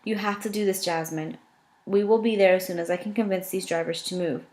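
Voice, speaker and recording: A woman voicing a protective male spirit guide who speaks calmly and formally, in an amateur storybook reading. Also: medium pitch, fairly quick, lightly acted. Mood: urgent. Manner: calm, formal, no contractions.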